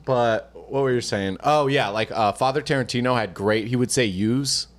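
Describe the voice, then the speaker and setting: A man's voice: medium pitch, moderate pace. Rambling, profane male podcast host. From Northern California. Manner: rambling, profane, acts out quotes. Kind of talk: casual chat, storytelling.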